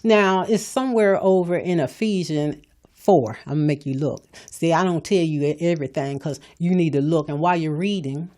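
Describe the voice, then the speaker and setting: A woman's voice: low voice, normal speed, warm tone. Folksy older woman giving a preachy talk. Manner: folksy, blunt, sermon-like, scolding with humor. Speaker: podcast host.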